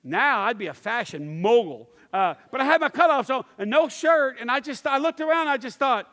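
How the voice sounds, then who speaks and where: A man in his fifties with a high voice and a drawl, delivering a folksy sermon to a church. He tells stories and acts out the people in them with lively voices. His voice rings with a long reverb in a large sanctuary. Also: normal speed, few pauses. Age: 50s. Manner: folksy storytelling with animated acted-out quotes. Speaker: pastor.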